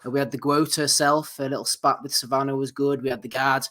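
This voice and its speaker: Man, mid pitch, brisk host, rattles through a rundown, casual banter. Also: flat delivery, fairly bright tone. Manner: brisk, runs the segment, lists items. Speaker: podcast host.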